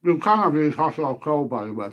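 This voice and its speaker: A man's voice: on the high side, sing-song, fairly quick, dull audio. A man chatting casually on a live stream, eating as he talks and reading viewer comments aloud. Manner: chatty, eats while talking, swears mildly, reads viewer names aloud.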